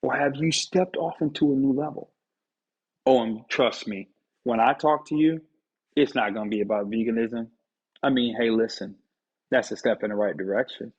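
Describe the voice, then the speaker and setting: A man's voice: mid-range voice, steady tone, normal speed, breathy edge. A man giving a motivational talk straight to the viewer, preachy and playful, teasing his listeners as he makes his point. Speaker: motivational speaker. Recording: dull lo-fi recording.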